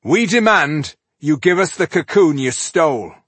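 A man's voice: a little high, lively intonation, measured pace, fairly bright tone, no room sound, voice pushed up. A man voicing a resolute male dwarf leader who gives firm, commanding demands.

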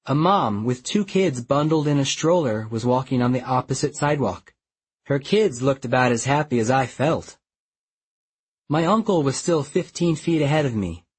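A husky-voiced man narrating a novel in first person at a mid pitch. His telling is wry and conversational, as if recounting the story to a friend. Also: moderate pace. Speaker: audiobook narrator.

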